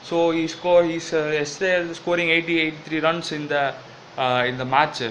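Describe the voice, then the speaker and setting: A man doing a bossy cricket mascot with an Indian English accent, loud and pushy, rambling through his points with plenty of fillers. His voice is bright and forceful, and faint background hum sits under it. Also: fairly high pitch, little pitch movement, moderate pace, natural voice, rough recording. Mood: chatty. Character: brash bossy cricket-league mascot named Jill. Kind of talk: comic double-role sketch.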